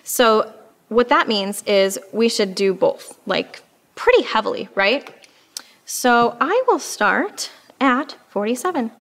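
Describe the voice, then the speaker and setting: A woman's voice: on the high side, animated, takes it slowly. A woman teaching an oboe lesson, explaining patiently and with frequent fillers. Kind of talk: instructional music lesson.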